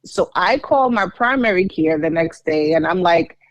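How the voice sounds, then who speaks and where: A woman's voice: on the low side, lively intonation, normal speed, no room sound, highs cut off. A woman co-hosting a podcast, telling her own story in a candid, chatty way. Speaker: podcast co-host.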